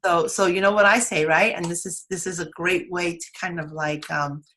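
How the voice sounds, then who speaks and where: Enthusiastic New York woman, bright voice. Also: lowish voice, fairly even intonation, normal speed, slight background noise. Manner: enthusiastic, emphatic. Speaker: co-host. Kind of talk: casual motivational chat.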